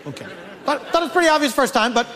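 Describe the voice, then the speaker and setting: Guy with a pretty high voice spinning a funny story, lively, kinda echoey with some hum behind. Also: very fast, crowd noise. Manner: animated, building to mock-outraged shouts. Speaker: comedian. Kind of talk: comic storytelling.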